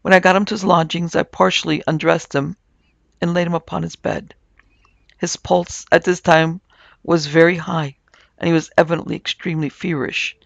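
A man narrating a supernatural tale in a measured, scripted storytelling manner. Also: a little high, flat delivery, creaky, dry recording, highs cut off. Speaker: narrator and producer.

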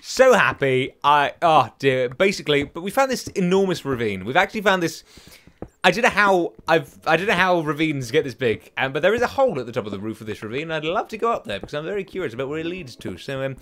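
A young man commentates his game in a chatty, excitable way. His fairly high voice leaps up and down constantly. He keeps poking fun at himself between bursts of delight. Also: fast talker. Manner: chatty, excitable, self-mocking, sings silly chants. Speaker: gaming channel host. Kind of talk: casual let's play commentary.

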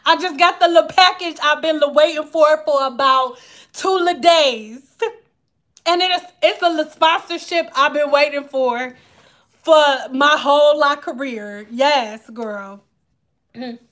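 A woman's voice: sits high, a little slow, a bit bright. A woman in her thirties, chatting and joking straight to her viewers in a casual vlog. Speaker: vlogger. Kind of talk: casual chat to viewers while doing hair.

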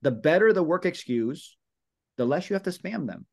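A man's voice: fairly high pitch, moderate pace, gravelly. A man coaching real estate agents at a team meeting. He speaks casually and with energy, repeats his points, and calls his listeners "guys" and "brother.". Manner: energetic, repetitive, acts out sample phone calls. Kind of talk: team meeting training talk.

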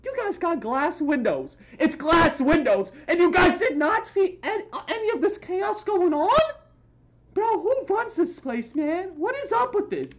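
A woman hosting a comedic reaction video, loud and incredulous, swearing and exclaiming, dropping to a low voice and jumping back high for the jokes. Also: very animated, a little slow. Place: at home. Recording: noisy home recording.

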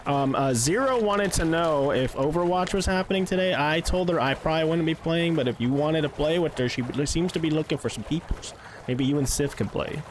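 A man streaming a horror game, chatting casually with his viewers and swearing and yelling when the game startles him. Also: on the high side, fairly quick, a little hiss or hum. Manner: excitable, swears and yells at the game; chats with his chat between gameplay. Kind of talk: casual live-stream commentary. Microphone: streaming microphone close to his face.

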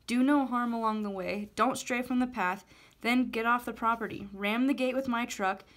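A woman's voice: fairly high pitch, normal speed, fairly bright tone, close to an everyday voice. A woman voicing a shackled older grandfather in a storybook, urging with commanding calls. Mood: urgent. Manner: urgent, commanding.

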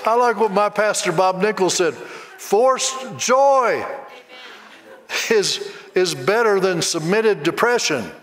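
A man with a high voice preaches slowly and emphatically to a congregation, repeating his phrases and calling for responses. His voice carries a long reverb through a large hall. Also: animated, fairly bright tone. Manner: leads the congregation in call-and-response and rhythmic mock laughter. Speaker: Bible college teacher preaching. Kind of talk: sermon.

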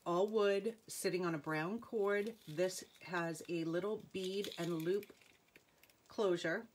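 A woman's voice: on the low side, slow pace, slight background noise. A middle-aged woman with a New England accent hosting a live jewelry sale, chatting with viewers and calling out item numbers.

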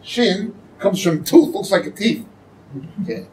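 A man giving sermon-style Bible teaching, explaining slowly and often checking with "okay?". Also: high-pitched, lively intonation, a little mellow, far from the mic, a little hiss or hum, poor audio. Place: church hall.

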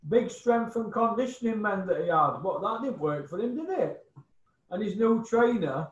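A man's voice: high voice, animated, moderate pace, echoey room, lo-fi sound. A man giving blunt, scornful opinions on boxing in casual chat, swearing and repeating insults. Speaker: boxing pundit guest.

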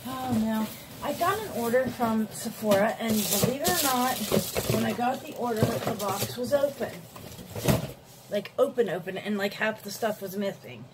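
A woman's voice: on the high side, animated, moderate pace, very noisy. A middle-aged woman talking casually through a makeup tutorial, rambling with fillers as she works. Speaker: beauty vlogger.

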